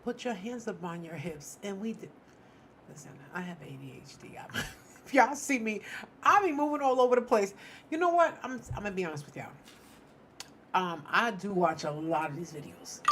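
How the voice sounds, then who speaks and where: A middle-aged woman hosting a casual true-crime live stream from her home studio, chatty and rambling, laughing often. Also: fairly high pitch.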